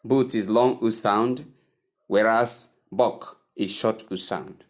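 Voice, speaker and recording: Male pronunciation tutor, low-pitched and unhurried, drills each word by repetition. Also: fairly even intonation. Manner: repeats words slowly, drills each one. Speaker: English pronunciation teacher. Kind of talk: pronunciation lesson.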